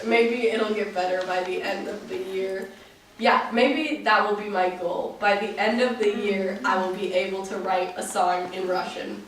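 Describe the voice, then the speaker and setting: A woman's voice: medium pitch, steady tone, a little slow, slight background noise. A teenage American girl with a Midwest accent chatting casually as a guest and breaking into bits of songs with a giggle. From United States. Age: teens. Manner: giggly, sings snatches of songs. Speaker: exchange student guest. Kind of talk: casual chat with singing. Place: classroom. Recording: echoey room, mic far off, guitar behind.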